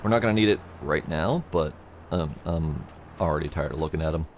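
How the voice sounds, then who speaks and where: A man's voice: rumbling low, brisk. A man streaming a farming game, chatting casually with a friend and laughing easily. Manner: relaxed, chatty, laughs often. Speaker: gaming streamer. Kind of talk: casual gameplay chat. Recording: loud game vehicle noise behind.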